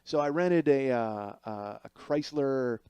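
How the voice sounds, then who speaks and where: A Chicago-area man hosts a podcast, delivering a rambling, sarcastic comic monologue packed with restarts and asides. His mid-range voice is dark and smooth, and he takes it slowly. The sound is lo-fi with no echo.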